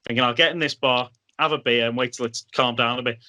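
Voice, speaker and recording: Bright-voiced man telling stories. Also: medium pitch, quick pace. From Liverpool, England. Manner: animated storyteller, acts out other people's lines. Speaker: podcast guest. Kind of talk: casual anecdote telling.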